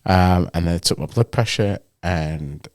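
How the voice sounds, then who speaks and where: A man's voice: low voice, a little slow, dry recording, studio quality. A man co-hosting a podcast, telling a story in a casual chat and acting out the people he quotes. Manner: animated anecdote-telling, acts out the people he quotes. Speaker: podcast co-host.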